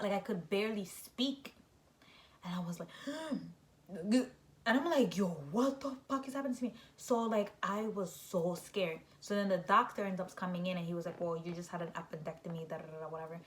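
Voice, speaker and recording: A young woman vlogger tells a casual story in an animated way, using "like" constantly and breaking into high, shrieking voices when quoting people.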